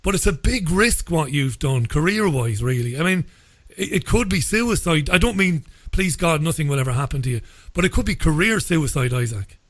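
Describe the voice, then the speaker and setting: A man hosting a radio interview, speaking in a measured way and often repeating his first words. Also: on the high side, expressive, a bit bright, no room sound. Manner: measured, repeats words when starting a sentence. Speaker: radio show host.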